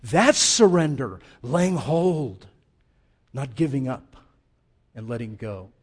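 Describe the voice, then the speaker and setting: A middle-aged man preaching a sermon as pastor, impassioned, swinging between loud urging and hushed intensity. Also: mid-range voice, very animated, slow, breathy edge.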